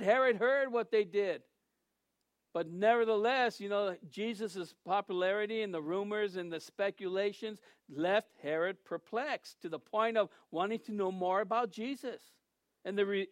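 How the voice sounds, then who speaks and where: A man's voice: high-pitched, dry recording. A male pastor giving a sermon in a conversational, storytelling way that turns emphatic at times.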